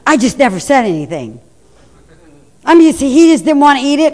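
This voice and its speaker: A woman's voice: high-pitched, big pitch swings, brisk. A middle-aged woman preaching a sermon, telling stories and talking directly to the congregation. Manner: conversational, anecdotal, addresses the congregation. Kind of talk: sermon with storytelling. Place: church hall. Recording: echoey hall reverb.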